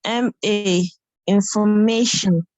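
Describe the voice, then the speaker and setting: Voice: medium pitch, fairly even intonation, slow pace, darkish tone. A student on an online lesson, answering the tutor's questions hesitantly. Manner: hesitant, tries to explain. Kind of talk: answering in class.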